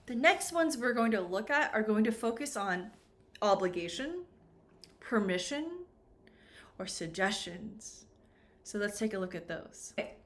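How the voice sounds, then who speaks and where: A woman teaching an English grammar lesson, modeling pronunciation slowly and clearly. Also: a little high. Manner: slow, clear, exaggerated pronunciation demos. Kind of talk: classroom-style grammar lesson. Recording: echoey room.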